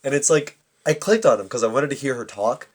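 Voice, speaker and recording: A man's voice: medium pitch, animated, brisk. A young man co-hosting a podcast, rambling and swearing freely in casual chat, laughing often. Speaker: podcast co-host.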